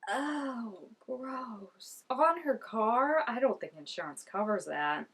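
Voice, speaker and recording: A woman's voice: mid-range voice, very animated, a little slow, fairly bright tone. A young woman reacting to a TV episode in casual commentary, chatty and gushing, laughing often and saying "like" a lot. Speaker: TV reaction vlogger.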